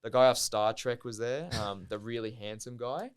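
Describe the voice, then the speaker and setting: A young Australian man, guesting on a podcast, rambles through a casual story packed with "like" and free-flowing swearing. His mid-range voice is clear and resonant, moving at a normal speed.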